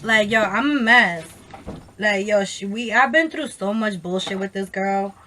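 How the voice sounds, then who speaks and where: A woman tells a story to her camera in a casual, animated, profane way, full of slang and quoted voices. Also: medium pitch, unhurried, slight background noise. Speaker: vlogger.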